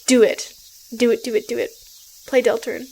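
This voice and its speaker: A woman streaming a story game, reading it aloud and reacting excitedly, often gasping and laughing at what she sees. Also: on the high side, a little fast, creaky, slightly rough, low-quality recording.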